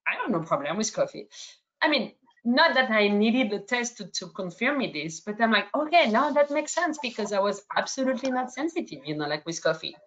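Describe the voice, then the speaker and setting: A woman's voice: medium pitch, expressive, brisk, a bit bright, lo-fi sound, slight background noise. French-accented woman moderating a webinar. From France. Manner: hesitant, many fillers and restarts. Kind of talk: online webinar Q&A.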